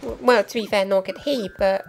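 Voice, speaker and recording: A young woman with a mid-range voice talks briskly through her let's play, chatty and explanatory, with plenty of ums and asides. There's background noise, and game music plays clearly behind her.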